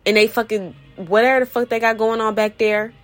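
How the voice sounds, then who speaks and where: A woman's voice: fairly high pitch, steady tone, a little fast, faint music behind. A woman podcast host, ranting bluntly and profanely in a heated monologue.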